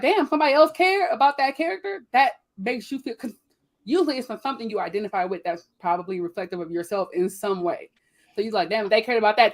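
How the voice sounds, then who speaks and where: A woman with features chatting casually on a panel, acting out what people say in lively voices. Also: mid-range voice. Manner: animated, quotes people in voices.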